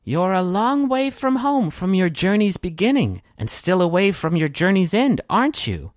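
A solemn chorus of divine judges that thunder down from on high, all voiced by one man running the game. The judges weigh sins in a grave, measured tone. The sound is close and dry. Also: sing-song, no room sound. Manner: booming, solemn, pronouncing judgment. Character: four divine judging statues, booming and solemn. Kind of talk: tabletop game voice acting.

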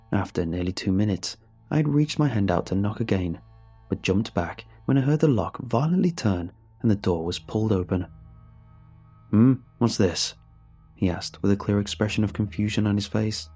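A man reading a scripted horror story in a measured, somber way. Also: lowish voice, dark tone, slightly rough. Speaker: narrator. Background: faint music.

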